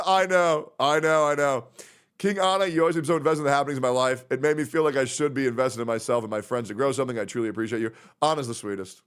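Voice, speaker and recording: A man's voice: mid-range voice, steady tone, fast, fairly bright tone, clear, resonant tone. A man streaming live who rambles, swears freely and gets openly emotional while reading out messages from friends. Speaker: livestreamer. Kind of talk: casual stream chat.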